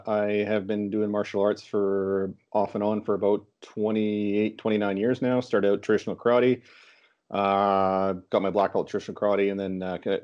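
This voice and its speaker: A man introducing himself as a podcast guest, casual and hesitant, with lots of pauses and fillers. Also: on the low side, darkish tone, highs cut off. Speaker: podcast guest, martial arts instructor.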